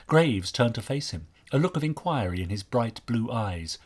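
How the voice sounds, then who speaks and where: A man narrating a mystery story with an expressive, varied delivery. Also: mid-range voice, moderate pace. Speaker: audiobook narrator.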